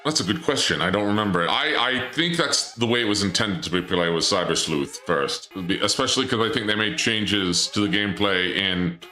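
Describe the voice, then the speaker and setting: A man streaming a video game, chatting casually with his audience, goofy and joking, his voice jumping up when he gets excited. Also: fairly low pitch, brisk, hardly any pauses. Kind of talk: casual let's-play commentary. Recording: echoey room with game music underneath.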